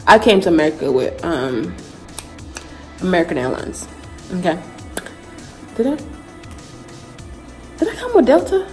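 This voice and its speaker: A woman's voice: on the low side, measured pace, pauses often, rough recording. Vlogger, female, young adult, from Ghana; chatty storytime delivery, faint music underneath. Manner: chatty, animated retelling full of "like" and slang. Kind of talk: casual storytime vlog.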